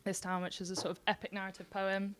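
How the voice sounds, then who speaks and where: Female radio host, mid pitch, relaxed and encouraging, casual banter. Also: fast, a crowd in the background. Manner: relaxed, encouraging, with short fillers.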